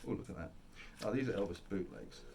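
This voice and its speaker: A man's voice: on the low side, animated, fast talker, creaky, warm tone, a little hiss or hum. Rambling enthusiastic male record collector. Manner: rambling, enthusiastic, self-interrupting. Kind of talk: casual monologue.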